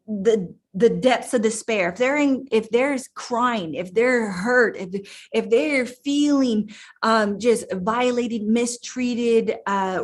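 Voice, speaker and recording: A middle-aged woman coach giving an emphatic motivational talk, repeating words and restarting her sentences. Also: on the high side. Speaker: life coach.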